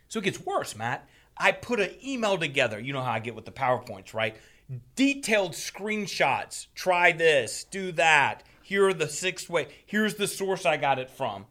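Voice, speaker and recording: Bright-voiced man telling a story animatedly. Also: a little high, moderate pace. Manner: animated, profane, laughing retelling of a frustrating story. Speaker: storyteller on a talk show. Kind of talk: casual chat.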